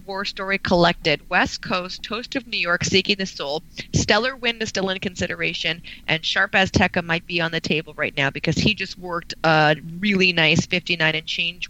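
A woman co-hosts a relaxed radio show with a bright voice. She is bubbly and opinionated, and she fills her talk with "like". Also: lowish voice, highs cut off. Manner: bubbly, opinionated, says "like" a lot. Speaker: radio co-host. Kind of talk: casual radio chat.

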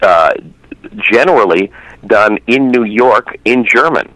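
A man's voice: fairly low pitch, animated, takes it slowly, sharp tone, no room sound, low-quality recording. A middle-aged man calling in as a guest, chatting eagerly about western films with many fillers and restarts. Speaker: phone-in guest, western film reviewer. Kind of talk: casual chat.

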